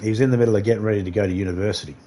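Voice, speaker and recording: A man's voice: on the low side, fairly even intonation, rapid-fire, mellow. A man on a game livestream casually telling a rambling, profane story and laughing often. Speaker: livestream gamer.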